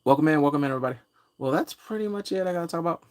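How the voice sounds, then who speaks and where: A man's voice: a little high, expressive, racing, darkish tone. A man hosting a pop culture vlog, ranting casually and trash-talking in a brash, jokey way. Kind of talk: casual rant to camera.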